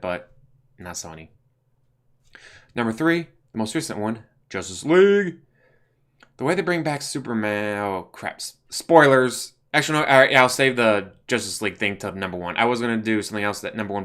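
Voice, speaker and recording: A man's voice: on the low side, fairly bright tone. Blunt, ranting man. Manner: blunt, ranting, profane, lots of fillers. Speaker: channel host. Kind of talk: casual movie commentary.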